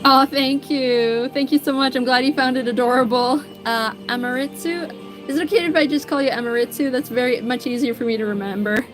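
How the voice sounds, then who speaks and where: A woman's voice: high-pitched, steady tone, a little fast. An American woman hosting an art livestream, greeting viewers by name and reading their comments in a friendly, casual chat. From United States. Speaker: livestream artist host. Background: background music.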